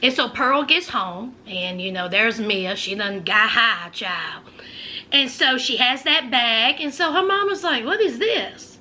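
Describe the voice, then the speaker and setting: A woman casually recapping a TV episode, chatty and animated, peppering her talk with asides like "you know" and "honey.". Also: on the high side, unhurried, a little hiss or hum. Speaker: TV show reviewer.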